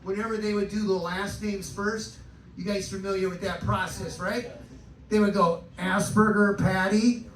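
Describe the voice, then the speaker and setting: A man's voice: sits high, fairly even intonation, moderate pace, a bit bright. A man doing a stand-up set on a live cabaret stage, crude and self-deprecating, working the crowd. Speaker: stand-up comedian. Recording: roomy live club recording from a distance, noisy.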